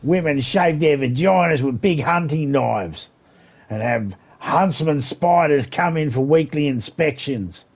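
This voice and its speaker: A man doing a brash, boastful outback bushman, pitched well above his own low voice. He drawls his lines loudly and lays the swagger on thick. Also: animated, a little slow, breathy edge, exaggerated voice. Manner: loud, exaggerated, drawling.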